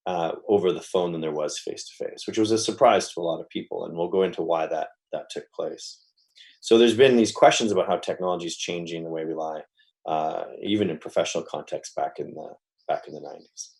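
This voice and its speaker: A man's voice: sits low, darkish tone. A middle-aged man giving an academic talk in a conversational way, with frequent fillers and restarts. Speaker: lecturer.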